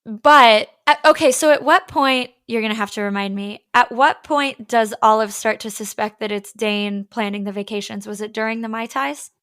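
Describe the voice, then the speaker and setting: A woman's voice: fairly high pitch, fairly even intonation, normal speed, hardly any pauses, a bit bright, smooth, no echo, clean studio sound. A woman co-hosting a casual book podcast, chatty and full of "like" as she quotes characters. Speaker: podcast co-host.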